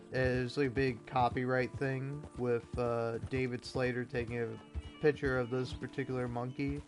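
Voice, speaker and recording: A young man giving a sarcastic, profane rant while reading an article aloud. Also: medium pitch. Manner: profane, sarcastic, exasperated ranting. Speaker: gaming video creator. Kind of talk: ranting commentary reading an article.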